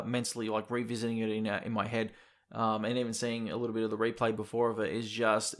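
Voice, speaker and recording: A man co-hosting a casual gaming podcast, animated and swearing freely as he acts out quotes. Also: medium pitch. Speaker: podcast co-host.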